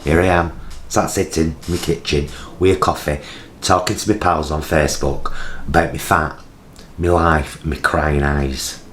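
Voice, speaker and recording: A man's voice: a bass voice, fairly even intonation, a little slow, slight background noise. A British man in his forties vlogging from his home kitchen, chatting casually to camera in a rambling, self-mocking way, recorded on his vlogging camera. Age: 40s.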